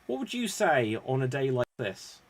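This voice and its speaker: A man's voice: medium pitch, very animated, normal speed. A man hosting an online improv game show, playful and self-mocking.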